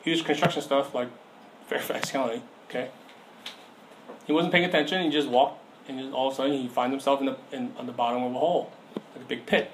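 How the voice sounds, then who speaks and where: A man's voice: medium pitch, fairly even intonation, brisk, pauses often, low-quality recording. Young man, youth pastor, casual sermon, story told with acted-out voices, light background noise. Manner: conversational storytelling, acts out voices in anecdotes.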